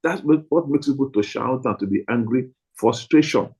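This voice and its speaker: A man with a husky, slightly rough voice teaches a room of pastors. He talks emphatically and repeats himself, punching out single words for stress. His pitch sits in an ordinary middle range. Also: moderate pace, mellow, low-quality recording. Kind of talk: training talk to pastors.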